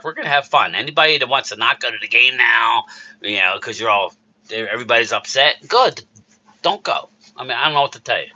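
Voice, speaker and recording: Bright, worked-up man ranting. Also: mid-range voice, muffled recording. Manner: heated, worked-up ranting with quick asides to chat. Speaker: streamer host reading chat. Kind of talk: casual live-stream sports talk.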